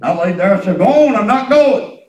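A man's voice: sits high, animated, fairly quick, a little mellow, highs cut off. A man preaching a sermon, telling folksy stories and calling on the congregation to respond. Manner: folksy storytelling with call and response. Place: church hall. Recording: echoey room, distant mic.

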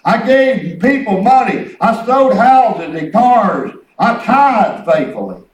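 A man's voice: high voice, very animated, takes it slowly, highs cut off. A man preaching a folksy sermon, telling rambling stories and breaking into calls of praise. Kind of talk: sermon with testimony. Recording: echoey room, distant mic.

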